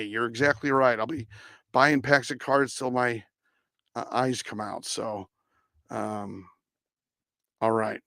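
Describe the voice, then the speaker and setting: A man's voice: fairly high pitch, a bit bright, no room sound, studio quality. A man hosting a casual sports live stream, answering chat comments, often stumbling over names and correcting himself.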